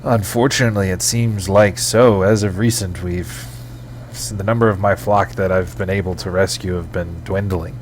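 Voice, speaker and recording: A man's voice: low voice, fairly even intonation, moderate pace, natural voice. A man voicing a solemn male ghost swordsman who speaks formally and hesitantly, full of sorrow, with a faint hum behind him. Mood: sorrowful. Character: weary, solemn male ghost swordsman, protector of lost spirits.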